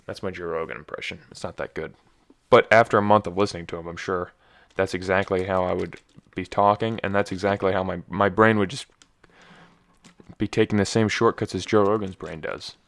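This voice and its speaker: Low-voiced rambling young man. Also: steady tone, a little fast, creaky. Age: young adult. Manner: rambling, self-deprecating, many restarts. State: slightly scratchy voice. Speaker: podcast host. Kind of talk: casual solo monologue.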